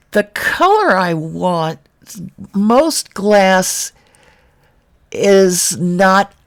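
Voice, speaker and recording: A woman from Brooklyn giving a casual screen-share tutorial on 3D modeling, thinking aloud with wry, self-mocking asides. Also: lowish voice. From Brooklyn, New York.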